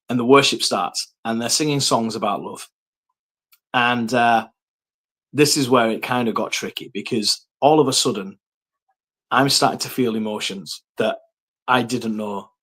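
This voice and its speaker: A man telling his personal faith story, earnest and reflective, with frequent pauses and ums. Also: medium pitch, a bit bright.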